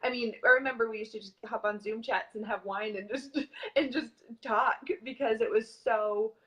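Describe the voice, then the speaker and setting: A woman's voice: fairly high pitch, steady tone, moderate pace, a bit bright, low-quality recording. A woman host talking animatedly and emphatically as she recounts reaching out to her guest, in a conversational interview.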